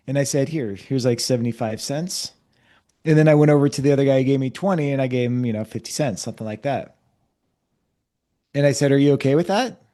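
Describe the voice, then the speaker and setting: This is a man with a mellow, relaxed voice, a guest on a podcast who explains finance through stories. He tells them in a lively way and acts out each exchange. His pitch sits in a middle range. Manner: lively anecdotal storyteller, acts out dialogue. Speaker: fractional CFO and keynote speaker, guest. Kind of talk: storytelling in an interview.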